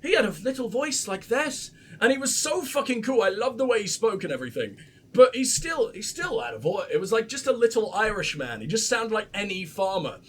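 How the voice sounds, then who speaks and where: A man hosting a let's play and commenting on the game in a sarcastic, sweary, excitable way. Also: sits high, fairly quick, husky. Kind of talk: gameplay commentary.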